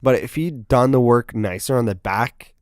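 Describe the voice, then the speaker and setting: A man's voice: mid-range voice, moderate pace, dry recording. Brash, swearing young man, dry close sound. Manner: profane, blunt and mocking, with sudden outbursts. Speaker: reaction video host. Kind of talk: casual reaction commentary.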